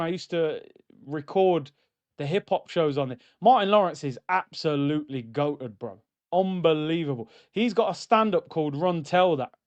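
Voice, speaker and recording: Guy streaming a footy watchalong, high voice, jokey and animated, audio kinda dull and lo-fi. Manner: animated and joking, reads out chat comments. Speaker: streamer hosting a football watchalong. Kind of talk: casual live-stream chat.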